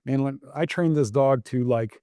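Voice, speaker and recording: A middle-aged man, a dog trainer guest, telling animated stories in a casual interview. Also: medium pitch, normal speed, clean tone, dry recording, studio quality. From Canada. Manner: animated storyteller, acts out the dog and owner.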